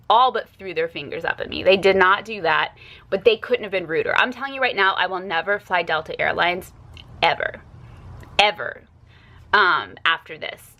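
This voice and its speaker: A woman recounts a story in a casual storytime vlog. Her voice is bright and forward, and she speaks emphatically and with indignation. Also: mid-range voice. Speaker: YouTuber telling a story.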